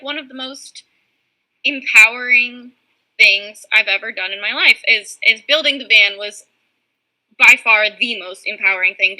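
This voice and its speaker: Woman, high very bright voice, earnest, halting, casual chat. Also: poor audio. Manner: earnest, halting, with many restarts. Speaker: guest van dweller.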